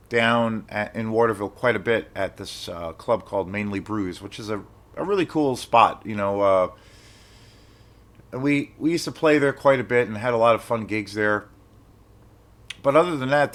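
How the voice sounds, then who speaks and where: A man's voice: on the low side, fairly bright tone. A young man, telling a story to camera. He rambles, restarts his sentences, and swears when he gets worked up. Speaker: film vlogger. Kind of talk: casual storytelling.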